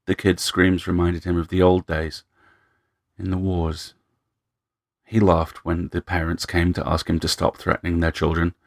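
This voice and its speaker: A man narrating a story in a measured, dry storytelling manner. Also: sits low, monotone, dry recording.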